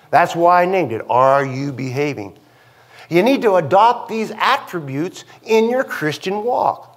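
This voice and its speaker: A man preaching a conversational sermon in church, with frequent asides and questions to the congregation. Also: fairly high pitch. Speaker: pastor.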